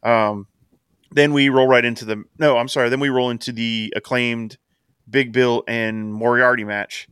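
A man's voice: medium pitch, steady tone, moderate pace, fairly bright tone, smooth, no room sound, studio quality. A man co-hosting a casual wrestling podcast, recapping in a chatty way and laughing as he acts out quotes. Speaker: podcast co-host.

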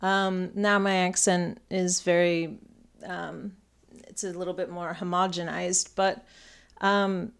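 A woman from northern England with an American accent, an astrologer who hosts a podcast, rambles chattily through a solo episode, dropping frequent ums and light laughs. Her voice is fairly low, gravelly yet clean in tone, level, and slow.

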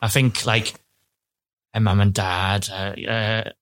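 A man's voice: on the low side, flat delivery, slow, a bit bright. An English man co-hosting a podcast, telling rambling anecdotes in casual chat and laughing along. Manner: rambling storyteller, laughs at his own tales. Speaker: podcast co-host.

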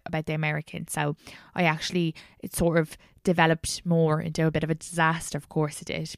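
A woman's voice: fairly low pitch, dry recording, studio quality. A woman hosting a casual podcast chat, talking frankly and laughing often. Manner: frank, giggly, animated. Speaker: podcast host.

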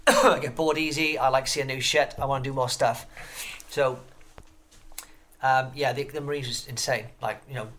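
A man's voice: mid-range voice, fairly even intonation, normal speed, a bit bright, a little hiss or hum. Profane, rambling male interview guest. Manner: swears constantly. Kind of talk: casual interview chat.

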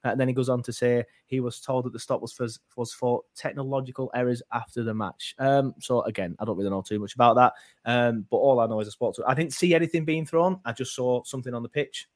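A man's voice: medium pitch, steady tone, fast. A man hosting a casual football fan chat, rambling and hesitant, full of fillers and restarts. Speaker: fan podcast host.

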